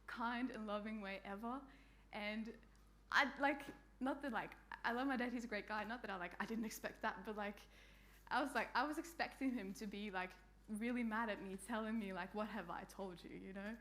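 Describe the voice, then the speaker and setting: A woman's voice: on the high side, normal speed. A young woman from Norway telling a personal story in a church talk, chatty and laughing, with lots of fillers and restarts.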